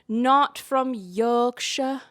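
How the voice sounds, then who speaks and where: A woman's voice: a little high, extremely slow, a bit bright. A woman vlogger giving articulate, emphatic, opinionated commentary. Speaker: book and film vlogger.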